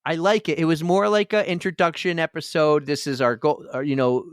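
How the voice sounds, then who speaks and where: A man's voice: a little high, fairly even intonation, brisk, smooth, no echo, studio quality. A man with a Boston accent co-hosting a casual running podcast, upbeat and rambling. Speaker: podcast co-host.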